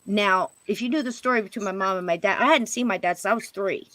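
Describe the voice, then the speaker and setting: A woman's voice: fast, no room sound. Chatty woman telling a family story, dry close sound. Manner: animated, jumps to higher pitch when quoting others. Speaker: podcast guest. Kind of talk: casual storytelling.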